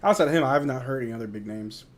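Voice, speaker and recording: During a live watch-along, a young male streamer gives sleepy, yawning play-by-play and reads viewer chat aloud before replying. His voice sits in the mid-range, and he speaks rapid-fire.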